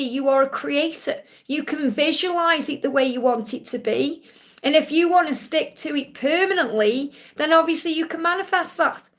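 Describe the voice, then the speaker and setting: A woman's voice: high voice, normal speed. A woman hosting a live-stream Q&A, giving spiritual readings to viewers in a reassuring way, repeating key points and calling them honey.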